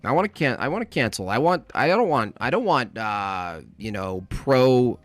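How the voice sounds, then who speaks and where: A man's voice: medium pitch, animated, moderate pace, dry recording, soft background music. A man hosting a comedic livestream, ranting bluntly and repeating his points for emphasis. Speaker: comedic streamer host. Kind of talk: casual comedic livestream rant.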